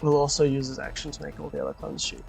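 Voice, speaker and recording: A woman's voice: very deep voice, very animated, vocal fry, a little mellow, soft background music. A woman narrating as game master of a tabletop role-playing game, often laughing as she goes. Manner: laughs often while narrating, quick asides.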